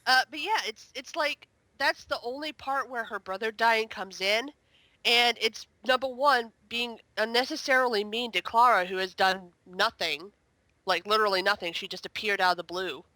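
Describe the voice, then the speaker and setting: A woman chatting casually as a guest on a review podcast, exasperated and full of quick asides. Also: fairly high pitch, sharp tone, no echo.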